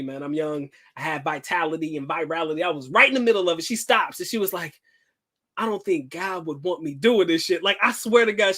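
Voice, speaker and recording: A man hosting a livestream, telling a personal story in a casual, slangy, profane way and acting out the quotes with lively swings. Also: high-pitched. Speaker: livestream host.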